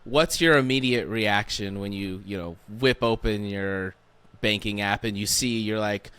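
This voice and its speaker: A man's voice: lowish voice, a little slow, a bit bright, smooth. A man hosting a podcast, asking questions in a chatty, encouraging way. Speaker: podcast host. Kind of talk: interview questions.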